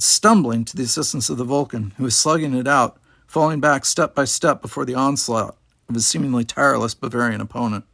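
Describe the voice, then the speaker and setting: A man reading a novel aloud in steady, measured narration. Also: medium pitch, no echo, clean studio sound. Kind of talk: audiobook narration.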